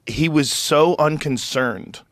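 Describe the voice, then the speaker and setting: A man, a podcast host, telling a story in animated casual chat, laughing often. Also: on the high side, takes it slowly, dry recording, clean studio sound.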